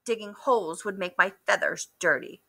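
A woman's voice: mid-range voice, moderate pace, gravelly, a bit bright. A woman voicing a grumpy, sulky female duck in a children's story, grumbling her lines.

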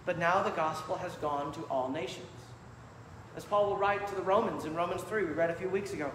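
High-voiced preaching man, echoey church. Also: a bit bright. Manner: emphatic preaching with measured, deliberate delivery. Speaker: pastor. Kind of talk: sermon. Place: church sanctuary. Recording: echoey church hall with faint room noise.

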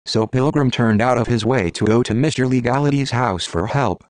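A man reading a storybook tale aloud in a steady, measured way, voicing the characters' quotes himself. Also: medium pitch, no echo. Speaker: narrator.

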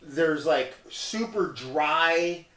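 A man's voice: on the high side, extremely slow, a bit bright. A man hosting a casual beer review, rambling and joking with a sarcastic streak. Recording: echoey room.

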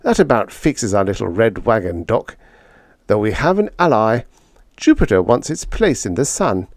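A man voicing a wry, brisk male diplomat in a storybook reading. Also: on the low side, sing-song, no echo, studio quality.

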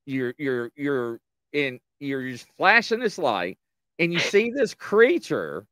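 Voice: mid-range voice, sing-song, takes it slowly, fairly bright tone, no echo, studio quality. A host asking incredulous follow-up questions in a casual interview.

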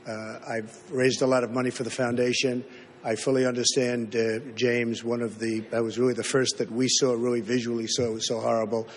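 A man's voice: mid-range voice, flat delivery, a little fast, big-room sound, a little hiss or hum. A man answering at a debate, emphatic and repetitive, pressing on over interruptions. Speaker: presidential debate candidate. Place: large debate hall.

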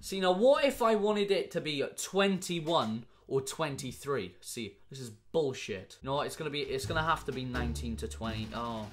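A man's voice: medium pitch, moderate pace, hardly any pauses, faint music behind. A young man from Wales with a Welsh accent, chatting casually and bantering through an online quiz, swearing often. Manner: swearing, banter-filled, animated. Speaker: YouTuber.

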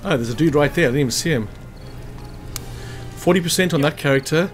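A gameplay commentator with a voice on the high side talks a little fast, with soft background music behind him. This man casually walks through a strategy game, chatting and thinking aloud as he checks hit chances, all while hiccuping after lunch.

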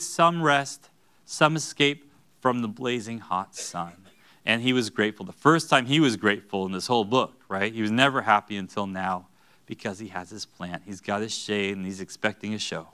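A man preaching a sermon as pastor, animated, with joking asides and acted-out quotes. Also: medium pitch, normal speed, clean tone. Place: church sanctuary.

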